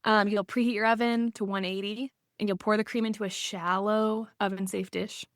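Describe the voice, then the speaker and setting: A woman's voice: mid-range voice, level tone, moderate pace, no echo, clean studio sound. A woman co-hosting a podcast in casual chat, laughing often and talking with lots of fillers. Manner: chatty, laughs often, many likes and fillers. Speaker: podcast co-host.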